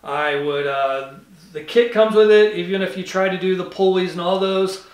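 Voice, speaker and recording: A man's voice: sits high, fairly even intonation, moderate pace, roomy sound, recorded from a distance. A man hosting a car review, talking casually and rambling, with frequent self-corrections. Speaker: car channel host.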